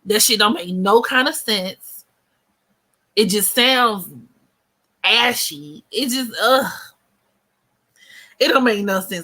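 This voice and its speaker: A woman's voice: medium pitch, slow pace, pauses often, sharp tone. An American woman in her thirties hosting a casual livestream chat, blunt, slangy and joking as she talks. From United States. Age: 30s. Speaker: host.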